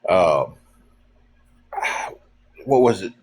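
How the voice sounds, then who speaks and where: A livestream co-host chats casually in a low, breathy voice, wandering through folksy stories packed with "uh" and "um." His delivery is relaxed, drawn-out, and a little tired.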